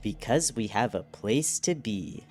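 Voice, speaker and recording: A man's voice: on the low side, animated, measured pace, a little mellow, soft background music. A man voicing a haughty, hostile faction henchman in a put-on British accent, taunting and raised in voice. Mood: mocking.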